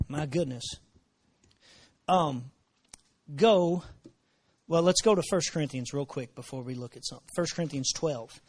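High-voiced preacher man. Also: a little slow, pauses often. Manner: swings from low murmurs to shouted emphasis; repeats phrases, drops in praise exclamations. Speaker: pastor. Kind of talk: sermon.

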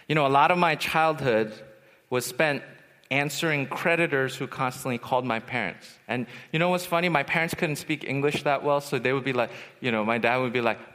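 A young man preaching at a youth retreat, telling personal stories and acting out the voices in them. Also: medium pitch. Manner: animated storyteller, acts out voices. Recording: long hall reverb.

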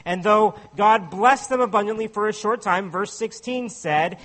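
High-voiced man preaching a sermon. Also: moderate pace, hardly any pauses, fairly bright tone. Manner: conversational, asks listeners rhetorical questions. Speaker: pastor.

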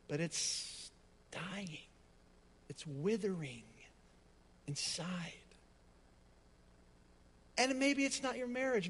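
A man with a high voice preaches a sermon, rising to loud declarations and then dropping to hushed near-whispers. His words hang in the long reverb of a big hall. He delivers with pastoral intensity and dramatic pauses.

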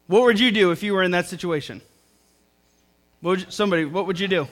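A man's voice: sits high, fast talker, long pauses, a bit bright. A young man preaching a sermon to a congregation in church, earnest and repeating phrases for emphasis. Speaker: pastor. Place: church service before a congregation.

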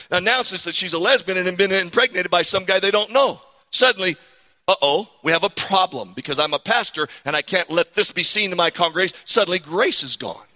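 A man preaching a sermon, animated and calling on the congregation to respond. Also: high voice, big-room sound. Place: church sanctuary.

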